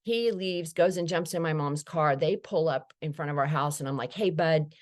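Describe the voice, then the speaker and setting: Woman, low voice, middle-aged, candid storyteller, recovery talk. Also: moderate pace. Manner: candid, storytelling, acts out quoted dialogue. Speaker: speaker sharing recovery story.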